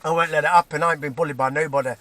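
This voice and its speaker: Very fast and a little high, his bright, steady voice comes through with no room sound as a man from Nottingham, England, speaking with a Nottingham accent, vlogs to camera. It's a heated personal rant full of swearing, stumbling restarts and tacked-on "right?"s.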